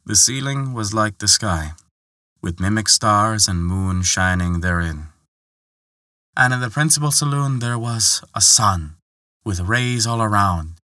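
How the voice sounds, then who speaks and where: A man tells an old folktale in a bright, forceful voice, pitched on the low side. The sound is close and dry, with no room around it. He reads with expression and lets the story carry him along. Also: measured pace, no room sound. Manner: expressive, lifts pitch for quoted characters. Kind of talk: scripted folktale narration.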